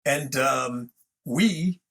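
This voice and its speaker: A man's voice: mid-range voice, drawn-out words, fairly bright tone, slightly rough. A man hosting a podcast, telling a story in a rambling, casual way full of fillers and restarts. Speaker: podcast host.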